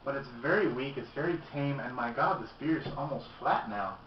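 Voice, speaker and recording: A man's voice: medium pitch, lively intonation, brisk, slight background noise. A man casually reviewing a beer on video, chatty and candid as he tastes and comments. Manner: chatty and candid, tasting as he talks. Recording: roomy, distant, dull lo-fi camera audio.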